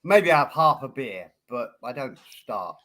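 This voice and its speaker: A man's voice: mid-range voice, sing-song, measured pace, a bit bright. Guy hosting a stream, rambly chat, laughs a lot, bouncy voice. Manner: rambling, laughs often, addresses chat by name. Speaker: livestream host. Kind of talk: casual chat on a livestream.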